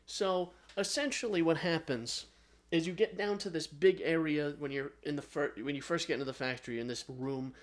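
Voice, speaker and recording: A man co-hosting a casual podcast, his voice sitting a little higher than most men's. He rambles through a retelling, full of ums and restarts, and now and then slips into quick acted-out lines. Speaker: podcast co-host. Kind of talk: casual chat.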